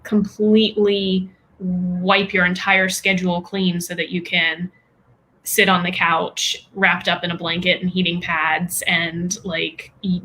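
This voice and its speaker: A woman guest in a casual interview, speaking haltingly with many fillers and restarts and light laughs between phrases. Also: fairly low pitch, a bit bright, slight background noise. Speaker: guest, women's health practitioner.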